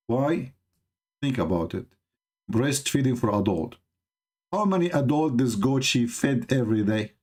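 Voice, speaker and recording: Hosting a religious debate live stream, this native Arabic-speaking man from the Middle East sarcastically comments on a video, firing off rhetorical questions in broken English. He speaks at medium pitch and a measured pace, animated and a little mellow, pausing often.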